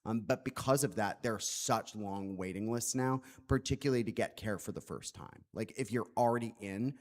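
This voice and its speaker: A man's voice: lowish voice, normal speed. A man speaking as an author at a public book talk, earnest and reflective, with many "like" fillers.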